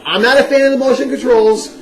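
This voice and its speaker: High-voiced man ranting about a game. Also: fast, creaky, rough recording. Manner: animated, ranting, peppered with "you know" and "like". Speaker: video game vlogger. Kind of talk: casual first-impressions review.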